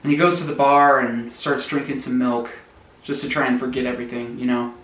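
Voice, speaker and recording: A man telling a long, absurd joke story in a deadpan, mock-tragic way, sometimes trailing off quietly. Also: medium pitch, brisk, echoey room, poor audio. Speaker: comedy storyteller.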